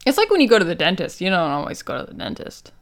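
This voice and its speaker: A woman's voice: huge pitch swings, fast. A woman co-hosting a podcast, chatting casually and playfully as she recaps a TV episode. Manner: playful, jokey, acts out quotes with big swings in pitch. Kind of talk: casual chat.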